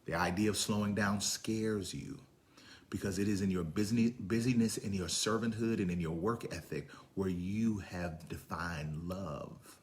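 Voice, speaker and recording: A man preaching a sermon, swinging from hushed, whispered lines to loud, high-pitched storytelling. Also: slight background noise. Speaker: pastor.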